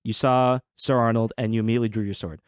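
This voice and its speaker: A man's voice: medium pitch, fast, smooth, no echo, clean studio sound. Chatty man running a tabletop game. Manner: relaxed, chatty, hesitant fillers. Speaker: game master.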